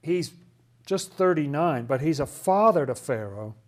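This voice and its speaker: A man giving casual Bible commentary, animated and acting out the characters in the story. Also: fairly high pitch, a little slow. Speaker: Bible study host.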